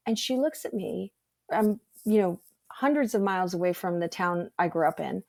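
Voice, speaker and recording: A woman, guest and energy healer, telling a personal story in an animated, earnest way on a video call. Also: lowish voice, moderate pace, gravelly, no room sound, studio quality. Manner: animated, earnest, rambling with fillers. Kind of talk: casual storytelling conversation.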